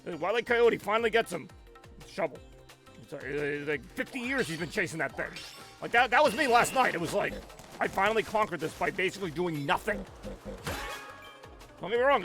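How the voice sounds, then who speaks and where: A man chats into his headset during a home live stream, his voice sitting high. He rambles in an animated way, and everything he says comes out sounding a little angry even when he is happy. Faint music plays underneath. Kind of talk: casual live-stream chat.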